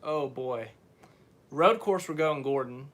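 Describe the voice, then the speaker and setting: A man's voice: medium pitch, takes it slowly, slight background noise. A young man hosting a casual live stream, rambling and often correcting himself as he answers viewers. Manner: rambling, unsure, self-correcting.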